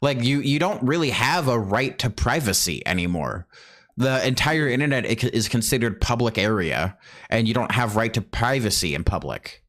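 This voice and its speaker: A man's voice: mid-range voice, animated, moderate pace, fairly bright tone. A man in casual conversation, explaining his views earnestly with some indignation. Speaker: streamer. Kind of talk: casual chat.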